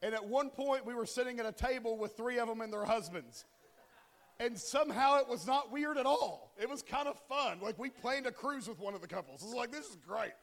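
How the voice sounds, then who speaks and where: A man in his forties preaches in a very high, brisk voice with lively intonation and a slightly bright quality. His sermon is casual and full of jokes, and he frequently asks the congregation questions; the sanctuary adds a long hall reverb.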